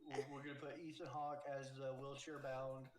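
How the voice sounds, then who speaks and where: A man's voice: mid-range voice, moderate pace, crowd noise. Chatty man in an echoey room. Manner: storytelling, animated. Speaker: podcast co-host. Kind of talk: casual chat.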